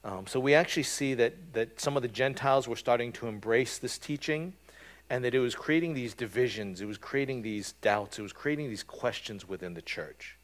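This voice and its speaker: A man's voice: mid-range voice, fairly quick. Conversational man preaching a sermon. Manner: conversational, frequent "right?" and "um" fillers. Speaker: pastor.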